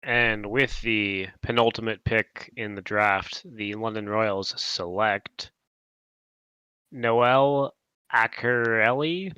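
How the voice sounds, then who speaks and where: Man, team manager, bright tone, smooth clear voice, friendly explaining. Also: fairly low pitch, flat delivery, slow pace, few pauses, dry recording, highs cut off. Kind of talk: casual panel talk.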